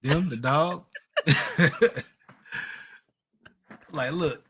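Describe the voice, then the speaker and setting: Laid-back joking dad, casual chat. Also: male voice, a little high, extremely slow, pauses often, a bit bright, a little hiss or hum. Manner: laid-back, joking, loose Southern-style speech. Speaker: podcast co-host.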